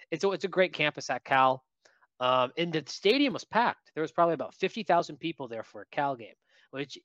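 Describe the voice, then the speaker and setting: A man co-hosting a casual sports podcast, telling lively stories about what he saw at a game. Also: a little high, dry recording. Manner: lively anecdotal storyteller. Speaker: podcast co-host.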